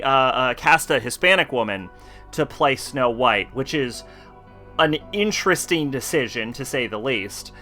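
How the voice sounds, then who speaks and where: Bright-voiced rambling male streamer. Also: on the high side. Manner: rambling and profane, heavy with fillers. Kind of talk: casual live-stream chat.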